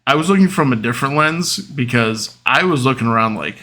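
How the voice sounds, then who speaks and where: A man's voice: mid-range voice, steady tone, normal speed, few pauses, bright, forceful tone. A man in his thirties hosting a podcast, telling personal stories in a rambling, openly emotional way, with lots of fillers and restarts. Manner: open and emotional. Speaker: podcast host. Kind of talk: casual personal monologue.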